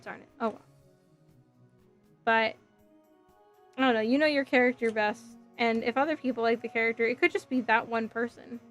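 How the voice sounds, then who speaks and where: A woman hosting a casual livestream, chatting with viewers and reading their comments while she builds a model kit, rambling with lots of fillers. Her voice is going a little hoarse. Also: a little high. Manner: chatty, rambling, frequent fillers and self-corrections. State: voice getting hoarse.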